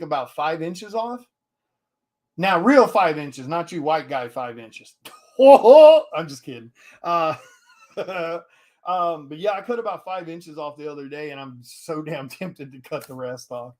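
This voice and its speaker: A man, an indie comic artist, talks bluntly to his viewers in a casual livestream. His voice sits a bit higher than most men's. He swears freely and stumbles over restarts as he presses his point. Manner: blunt, profane, animated, many restarts.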